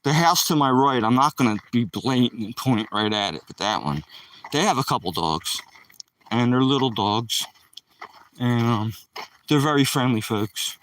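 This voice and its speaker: A man's voice: mid-range voice, animated, normal speed, a bit bright, no echo, far from the mic, rough recording. A man live streaming while he walks his dog on a rural dirt road, chatting loosely with the viewers in his chat.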